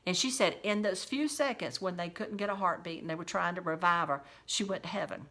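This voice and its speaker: Bright-voiced woman telling folksy stories. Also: lowish voice, brisk. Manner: chatty, folksy, quotes scripture. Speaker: home caregiver sharing memories. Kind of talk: casual faith-based storytelling.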